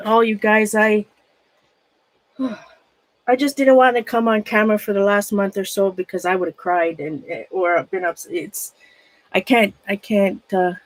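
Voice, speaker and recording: The recording is low quality with no room sound, capturing a middle-aged woman's medium-pitched voice on a casual livestream. She sorts through her closet's old things, rambling in a nervous, shaky way and greeting viewers by name.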